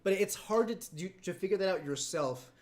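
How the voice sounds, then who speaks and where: A man with a notably high voice chats on a livestream and tells stories casually. His talk is loose and full of fillers, and he swears freely. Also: expressive, fairly quick, a little mellow. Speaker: co-host on a livestream. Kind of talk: casual storytelling chat.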